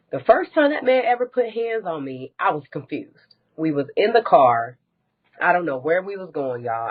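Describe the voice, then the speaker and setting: A woman speaks as a live-stream guest with a husky, breathy voice, talking candidly and bluntly and swearing freely. The audio is dull and lo-fi, typical of a streamed chat. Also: rumbling low. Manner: candid, blunt, swears often, rising to crying outbursts. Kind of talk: emotional personal story on a live stream.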